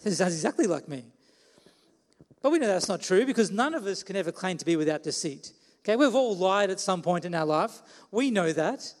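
A man's voice: high-pitched, animated, a little fast, few pauses, long reverb tail. A man preaching a sermon in a conversational way, putting questions to the listeners.

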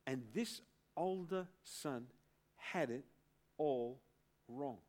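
A middle-aged man preaching a sermon as pastor, emphatic, with dramatic pauses and build-ups. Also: medium pitch, darkish tone.

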